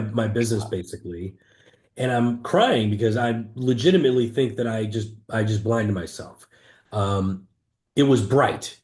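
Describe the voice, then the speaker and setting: Man, middle pitch, earnest first-person storytelling, roomy echo on the recording. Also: darkish tone. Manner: earnest, emphatic, vivid retelling with frequent restarts. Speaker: entrepreneur guest. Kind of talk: candid personal storytelling in an interview.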